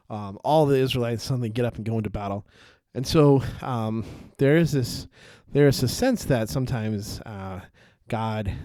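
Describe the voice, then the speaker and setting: On this faith podcast, the host speaks in a dark, lowish voice, retelling a Bible story loosely and voicing each character's lines. His delivery is full of fillers and restarts, and he chuckles at his own digressions. It's studio quality audio without echo.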